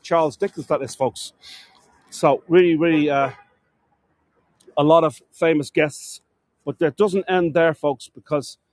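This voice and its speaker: A man's voice: high voice, dry recording. An Irish man narrating a live walking tour of a city, chatting to viewers as "folks" and often stumbling over words and correcting himself. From Ireland. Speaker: tour guide. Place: outdoors on city streets, walking.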